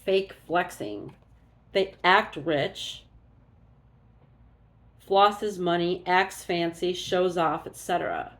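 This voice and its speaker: A woman's voice: on the low side, slow pace, long pauses, a bit bright. A woman doing a casual oracle card reading, musing aloud and thinking as she goes.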